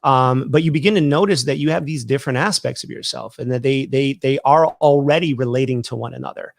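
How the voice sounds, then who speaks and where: A man's voice: mid-range voice, fairly quick, vocal fry, dry recording, clean studio sound. A man who works as a therapist and hosts a casual discussion, explaining his ideas thoughtfully and often restarting his sentences. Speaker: therapist and podcast host.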